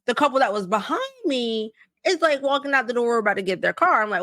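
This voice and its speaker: A young woman co-hosting a podcast tells a story in a loose, profane, animated style, acting out both sides of each exchange in casual chat. Her voice is fairly high and a little fast, with a dry recording and clean studio sound.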